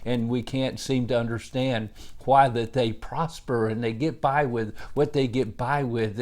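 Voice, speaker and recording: A man's voice: mid-range voice, a little mellow. A male pastor giving a devotional Bible teaching, earnest in tone, with rising emphasis on key words and frequent "uh" fillers.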